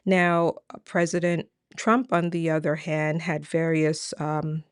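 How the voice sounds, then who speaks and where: A woman hosting an immigration news show, talking casually to viewers with many fillers and quick questions. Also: sits low, level tone, clear, resonant tone, no echo, clean studio sound. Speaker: immigration lawyer and host. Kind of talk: casual news commentary to camera.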